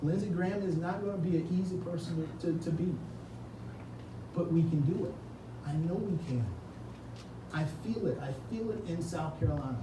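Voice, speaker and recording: A man's voice: fairly high pitch, normal speed, pauses often. A man giving an earnest, emotional campaign speech at an indoor reception, tearful and repeating words when moved. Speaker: political candidate. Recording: echoey room, distant mic, ambient noise.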